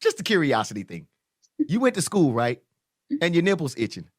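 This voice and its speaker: Man, podcast host, casual chat, joking, laughs a lot, lively pitch. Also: brisk, no room sound, clean studio sound. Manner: joking, animated storyteller who laughs often.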